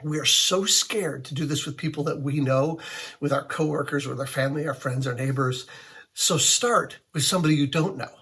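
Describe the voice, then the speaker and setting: Bright, husky-voiced male pastor. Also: a little high, moderate pace. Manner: conversational, tells stories with acted quotes. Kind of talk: sermon-style teaching talk.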